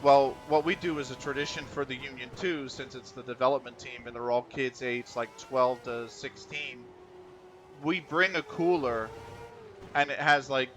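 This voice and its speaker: Brief: male streamer, rambling anecdotes, mid-pitched, light music under. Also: fairly bright tone. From United States. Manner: rambling, chatty storytelling with frequent laughs. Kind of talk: casual chat while gaming.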